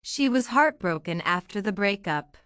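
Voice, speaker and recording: Brief: woman teacher, scripted phrase reading, very crisp diction, dry close sound. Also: mid-range voice, lively intonation, a bit bright, no echo. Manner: measured, carefully enunciated, repeats each phrase. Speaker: English teacher.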